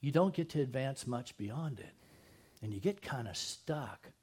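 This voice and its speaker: A man's voice: mid-range voice, expressive, a little slow, darkish tone, breathy edge. A man preaching a conversational sermon as pastor at a church service, asking the congregation questions and dropping jokey asides.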